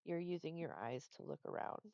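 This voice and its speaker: A woman's voice: deep voice, brisk, vocal fry, mellow, no echo. A woman running a tabletop game as dungeon master, patiently explaining the rules step by step. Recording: dull lo-fi dry sound.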